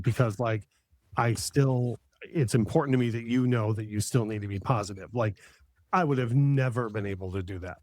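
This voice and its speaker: A middle-aged man hosting a casual chat and talking at an ordinary pitch. He rambles with real enthusiasm, circling back with lots of fillers and restarts. His voice is recorded close and dry, with no room echo. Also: normal speed, a little mellow. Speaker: podcast host.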